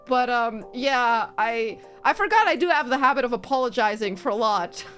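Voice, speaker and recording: A woman's voice: a little high, a bit bright. A woman streamer chatting casually, rambling and laughing often, with faint music behind her. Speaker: virtual streamer.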